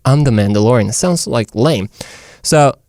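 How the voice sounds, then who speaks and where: A man's voice: mid-range voice, animated, normal speed, no echo, clean studio sound. A young man hosting a casual comedic monologue, rambling and jokey. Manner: rambling, jokey, says "dude" and "like" often. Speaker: host.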